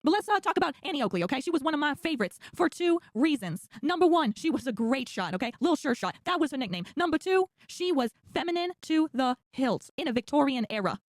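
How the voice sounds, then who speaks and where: A high-voiced woman rattles through her commentary at a breakneck clip, her pitch bouncing all over the place. She is sassy and teasing, and she tags her sentences with "okay?". The sound is close and dry. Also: big pitch swings, fast, hardly any pauses, no room sound. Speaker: political commentary vlogger. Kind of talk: energetic event recap commentary.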